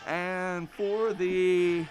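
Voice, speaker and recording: A man's voice: high-pitched, flat delivery, drawn-out words, loud music behind the voice. A man calling a school basketball game play by play in a folksy, chatty way, talking straight to the fans from a school gym. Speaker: play-by-play announcer. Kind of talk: live basketball commentary.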